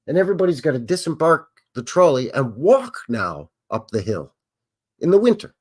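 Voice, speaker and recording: A man's voice: on the high side, very animated, moderate pace, breathy edge. A middle-aged man hosting a livestream, rambling casually and greeting viewers from the chat by name. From Canada. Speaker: livestream host. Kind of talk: casual live commentary over old footage.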